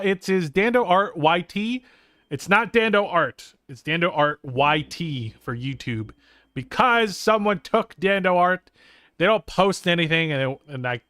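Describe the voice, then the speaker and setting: Young guy streaming live, playful and rambly, bright voice, kinda high, dry close sound. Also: no echo. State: tired but wired on coffee. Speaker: streamer and artist. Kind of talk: casual live-stream chat.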